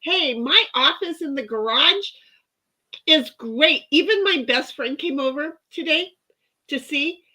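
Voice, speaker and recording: A woman's voice: high voice, animated, slow, bright, forceful tone. A woman co-hosting a casual livestream, reading chat messages aloud and chatting in a rambling, laughing way. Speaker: livestream co-host. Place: home office in a garage.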